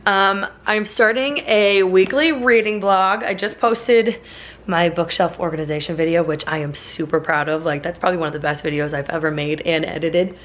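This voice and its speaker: A young woman vlogging about her reading, chatty and full of "like" fillers, her voice raspy from laryngitis and a sinus infection. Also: on the low side, normal speed, a little hiss or hum. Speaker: book vlogger. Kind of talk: casual reading vlog chat.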